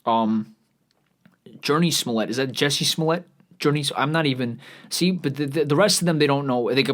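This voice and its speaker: A man's voice: medium pitch, moderate pace, fairly bright tone. A man hosting a vlog, ranting in a profane, rambling, sarcastic way while scrolling social media. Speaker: vlog host.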